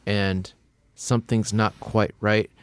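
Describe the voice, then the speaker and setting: A man's voice: fairly low pitch, flat delivery, slow pace, clean tone, no echo. A man co-hosting a podcast, bantering casually and teasing his partner wryly. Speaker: podcast co-host. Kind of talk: casual chat.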